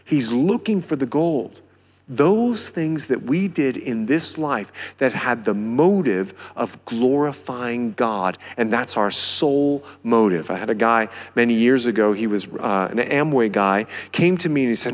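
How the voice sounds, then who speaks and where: A pastor with a Southern country accent preaching a sermon, building to near-shouts on key phrases. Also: male voice, mid-range voice, expressive, unhurried. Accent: American Southern. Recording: long hall reverb.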